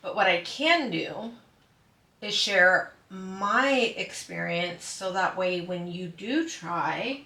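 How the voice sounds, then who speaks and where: Bright-voiced chatty woman, roomy sound. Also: distant mic. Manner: chatty, acts out quoted people in a higher voice. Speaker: diamond painting channel host. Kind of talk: casual chat to a live audience.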